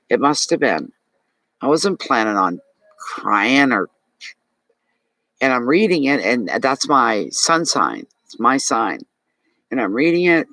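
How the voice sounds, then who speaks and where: A man's voice: mid-range voice, pushed and bright, no room sound, low-quality recording. A man with a Maritime Canadian accent giving a live tarot reading, talking chattily and animatedly to his viewers and answering chat comments. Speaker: tarot reader.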